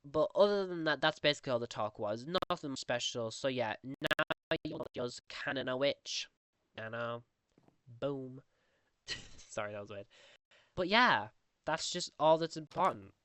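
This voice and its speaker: A young woman chatting casually over a game recording, rambling and acting out what others said in a higher voice. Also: animated, measured pace, a bit bright. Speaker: Minecraft roleplay vlogger.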